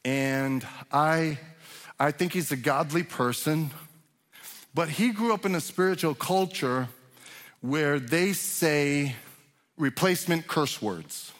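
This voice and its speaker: A pastor delivers a sermon, his voice sitting a little high for a man. He talks loosely with restarts, then presses his points harder. The sound carries a long reverb from the hall around him. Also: slow pace, fairly bright tone. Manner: conversational preaching with restarts, rising to emphatic. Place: church sanctuary.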